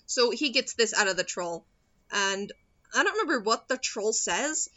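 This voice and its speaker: A woman's voice: fairly high pitch, expressive, normal speed, pushed and bright. Giggly young woman recapping, lo-fi. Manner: rambling, giggly, acts out characters' lines. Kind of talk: casual chat recapping a movie. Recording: dull lo-fi sound.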